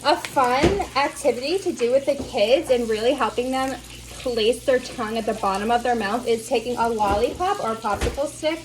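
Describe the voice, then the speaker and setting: A woman teaching as a speech therapy instructor, slowly over-enunciating the sounds she models. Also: on the high side, slight background noise, rough recording. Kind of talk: instructional demonstration.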